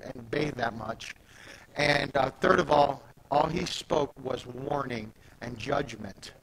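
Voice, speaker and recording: A man's voice: a little high, creaky, fairly bright tone, slight background noise, poor audio. A man preaching a sermon at a church service, talking in an emphatic, conversational way with restarts and asides. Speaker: pastor.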